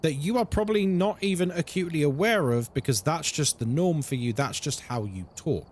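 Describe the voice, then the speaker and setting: Guy streaming and chatting with his viewers, fairly high voice that bounces all over, swears a lot, keeps slipping into silly voices. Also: a little fast, slight background noise. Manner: animated, swears freely, drops into mock voices. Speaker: live streamer. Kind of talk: casual live-stream chat with viewers.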